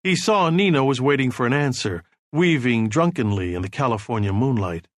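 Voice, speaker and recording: Here's scripted audiobook narration of a novel by a man whose mid-range voice stays steady and measured as he tells the story. The studio-quality recording carries no echo.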